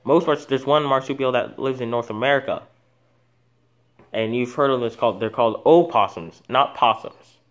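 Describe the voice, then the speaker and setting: A man's voice: medium pitch, moderate pace, fairly bright tone. A man hosting an animal video channel, talking casually off the cuff, rambling with many false starts and self-corrections. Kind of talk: casual unscripted animal talk.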